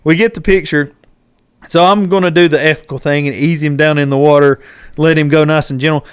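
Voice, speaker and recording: A man, hosting a podcast and telling a fishing story in casual chat, animated and acting out what people shouted. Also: fairly high pitch, a little fast, smooth, dry recording, studio quality. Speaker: podcast host.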